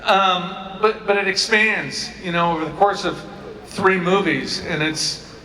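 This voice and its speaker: A man on a convention panel, speaking sincerely and haltingly. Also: high voice, pushed and bright. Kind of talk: panel talk. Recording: echoey hall recorded from far off, crowd noise.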